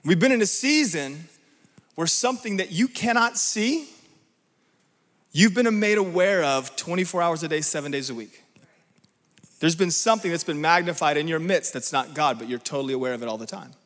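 A male pastor delivers a sermon with emphatic drive, pausing to check in with rhetorical questions. His voice sits a little high for a man. The sound carries a long reverb, as if from a large church sanctuary. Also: animated, fairly bright tone.

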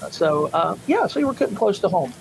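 A man's voice: high voice, sing-song, brisk, vocal fry, a little hiss or hum, rough recording. A man co-hosting a casual chat show, rambling and hesitant with many fillers. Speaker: podcast co-host.

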